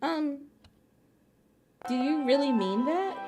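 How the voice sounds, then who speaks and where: A woman's voice: on the high side, expressive, normal speed. A woman streaming a visual novel, reading the game's lines aloud in a chatty, playful way and often breaking off mid-sentence. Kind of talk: casual let's-play commentary, reading game text aloud. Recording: game music playing behind the voice. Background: game music.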